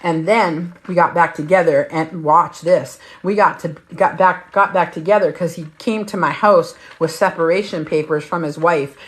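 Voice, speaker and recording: A woman's voice: lowish voice, fairly even intonation, normal speed, hardly any pauses. A middle-aged woman hosting a livestream, telling a story in a casual, emphatic way full of profanity. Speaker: livestream host.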